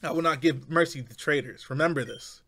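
A man's voice: on the high side, brisk, fairly bright tone, breathy edge. A man reading a stern male villain team leader's lines in a cold, threatening way. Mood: menacing.

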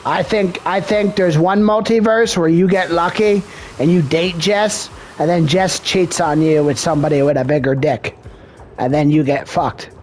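A man giving casual gameplay commentary, excitable and full of profane trash talk. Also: fairly high pitch, normal speed, a little hiss or hum. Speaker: gamer streaming gameplay. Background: game music.

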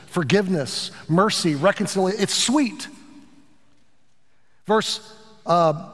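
High-voiced man preaching in a big hall. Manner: earnest, animated preaching with asides to the congregation. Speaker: pastor. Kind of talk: sermon.

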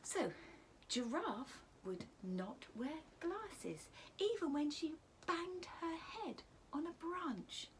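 A woman teacher reading a picture book to children, animated, asking them questions and often dropping to a whisper. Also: high voice, takes it slowly, a little hiss or hum.

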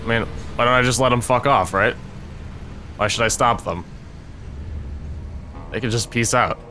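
A man's voice: mid-range voice, moderate pace, pushed and bright, slight background noise. A young man commentating a video game he is playing, sarcastic and swearing a lot in frustrated outbursts. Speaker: let's play gamer.

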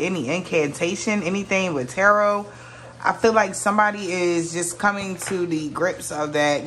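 A woman's voice: on the low side, fairly bright tone, a little hiss or hum. A woman giving a casual tarot reading to her viewers, musing aloud, often exclaiming and trailing off mid-sentence. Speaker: tarot reader.

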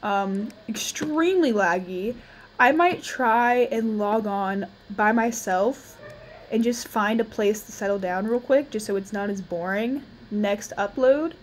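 A young woman giving casual, chatty commentary on her own gameplay, thinking aloud and quick to exclaim. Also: medium pitch, a little hiss or hum. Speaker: gamer.

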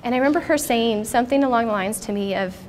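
Woman in her 30s sharing her story at a conference, kinda high voice, soft rumble behind. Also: fast talker. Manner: earnest, reflective storytelling. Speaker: conference speaker. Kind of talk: personal testimony talk. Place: conference stage.

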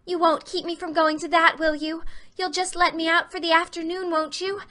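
A woman voicing an imaginative, dramatic young orphan girl who pleads in a high, breathless voice. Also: level tone, normal speed, pushed and bright. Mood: pleading.

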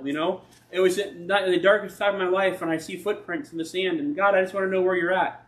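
Man, pastor, sermon, conversational, fairly high voice. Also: steady tone, fairly quick, a bit bright. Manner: conversational preaching, acts out questions to God.

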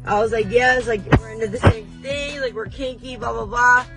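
A woman delivering a comedic confessional rant, brash, defiant and oversharing, with breathy laughs breaking in between lines. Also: on the high side, moderate pace, loud music behind the voice, low-quality recording. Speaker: vlogger.

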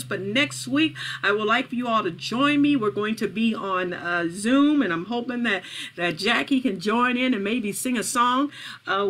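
A woman pastor greeting viewers, then praying fervently and repetitively, at times tearful and shouting. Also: fairly high pitch. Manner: fervent, rising into shouted prayer; repetitive, halting with fillers. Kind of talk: livestreamed prayer and testimony.

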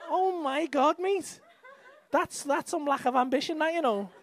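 A young English stand-up comedian with a Liverpool accent does brash, sweary crowd work on a club stage. His voice is very high and a little slow.

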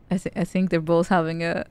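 A woman's voice: lowish voice, background noise. A woman streaming a stealth video game, chatting playfully with frequent giggles and stammered restarts. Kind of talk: live game commentary.

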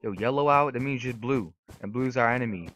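A young man giving casual, excitable gameplay commentary, trash-talking opponents and swearing often. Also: medium pitch, brisk. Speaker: gaming YouTuber. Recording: noisy recording with mouse and keyboard clicks.

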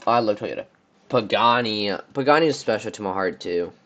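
A man's voice: lowish voice, lively intonation, moderate pace, fairly bright tone, dull audio. A young man from the United States giving casual, rambling commentary on car brands, often stumbling over names. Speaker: car reviewer. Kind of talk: casual commentary on a tier list.

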